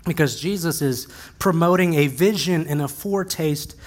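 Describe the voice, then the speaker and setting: A male preacher with a somewhat higher voice, telling the story in a relaxed, conversational way. He slips into acted asides and keeps the delivery lively. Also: moderate pace. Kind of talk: sermon.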